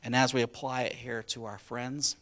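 A man's voice: medium pitch, level tone, normal speed, fairly bright tone. A man preaching a sermon, retelling a story in a casual, conversational way. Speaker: pastor.

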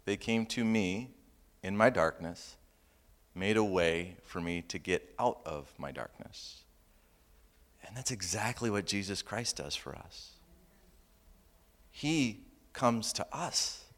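Man preaching, low voice, funny animated storytelling, loud then hushed. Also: slow, pauses often. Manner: humorous and animated, swinging from loud punchlines to quiet earnest asides. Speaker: pastor. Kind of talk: sermon with personal storytelling.

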